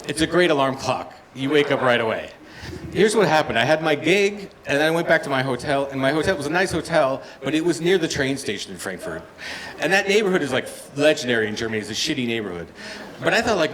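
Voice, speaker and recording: A man in his fifties performing a stand-up comedy set, telling stories and acting out other voices with loud punchlines. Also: medium pitch, lively intonation, fast. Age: 50s. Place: comedy bar stage with live audience. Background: audience laughter and room noise.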